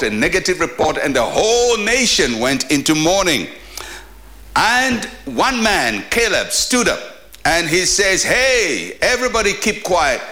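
A man preaching as a pastor in a short daily devotional sermon, emphatic, with animated rises. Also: on the high side.

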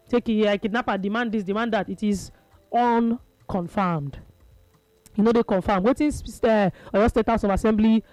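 A man's voice: sits high, darkish tone, no room sound, poor audio. A man with a Nigerian Pidgin accent hosting a call-in radio talk show, chatting and reading out listeners' texts. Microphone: studio microphone.

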